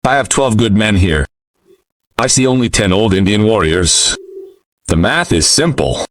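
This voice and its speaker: A man's voice: lowish voice, lively intonation, measured pace, dry recording. A man voicing a menacing, mocking outlaw leader in a narrated western story. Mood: sneering. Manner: mocking and threatening. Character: menacing burly male outlaw with a Texas drawl.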